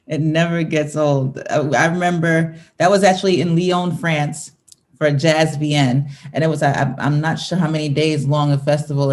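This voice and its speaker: A woman's voice: low-pitched, darkish tone. A woman in her thirties, a singer talking as an interview guest, reminiscing casually, laughing often and restarting her sentences.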